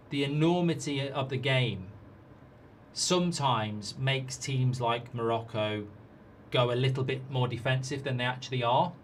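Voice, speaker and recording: A man's voice: medium pitch, a little hiss or hum. A man hosting a live football watchalong, chatting casually and reading out viewer comments.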